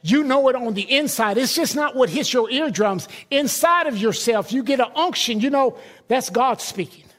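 A man's voice: very high voice, animated, moderate pace, a bit bright. A middle-aged man, a pastor, preaching a sermon in a conversational, emphatic way with personal stories.

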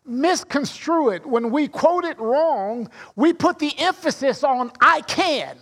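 A man preaching a sermon as pastor, leading a prayer and stressing the words of the verses he quotes. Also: very high voice.

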